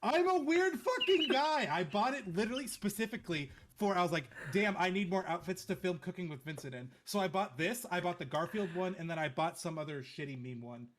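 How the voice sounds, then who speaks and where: A man's voice: high-pitched, fast, few pauses. Young man telling a rambling story. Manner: rambling, swears a lot, self-mocking. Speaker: podcast co-host. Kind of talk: casual storytelling chat.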